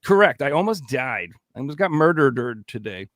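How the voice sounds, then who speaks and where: A man hosting a laid-back podcast who talks with animated energy and swears freely. His voice sits in a middle range. The sound is dry and close, with no room around it. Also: medium pitch, normal speed, no echo. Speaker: podcast host. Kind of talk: casual podcast chat.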